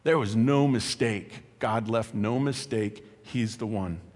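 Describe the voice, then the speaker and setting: A man preaching a sermon as pastor, animated and conversational, with asides and light laughter. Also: on the low side, takes it slowly. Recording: long hall reverb.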